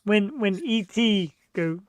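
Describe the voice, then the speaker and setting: A man hosting a talk show, telling animated, self-mocking stories in casual chat. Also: high voice, slow pace, clear, resonant tone, no room sound.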